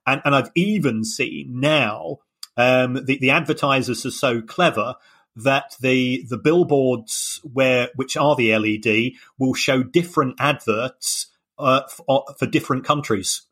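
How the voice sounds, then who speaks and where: Male podcast analyst, mid-pitched, hesitant and repetitive delivery, casual explainer. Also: measured pace, fairly bright tone. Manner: hesitant, repeats words as he explains. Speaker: podcast co-host, finance analyst.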